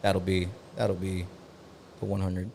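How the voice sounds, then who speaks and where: A man's voice: deep voice, little pitch movement, measured pace, vocal fry, a little mellow, a little hiss or hum. A man in his thirties from Oklahoma City, a DJ talking casually as a podcast guest in a laid-back, slangy way with frequent restarts. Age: 30s. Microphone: podcast studio mic.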